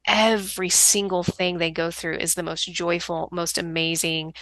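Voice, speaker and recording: A middle-aged woman, a podcast guest telling family stories in an animated way, taking on other people's voices as she quotes them. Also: lowish voice, moderate pace, dry recording. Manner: animated storyteller, lively quoting of others. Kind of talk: conversational podcast interview.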